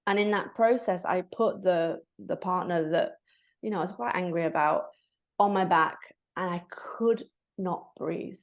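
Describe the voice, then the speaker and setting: In an unhurried, low-leaning voice, a breathwork facilitator recounts her personal story during a podcast interview. She's candid and reflective, and acts out quoted moments with animated asides.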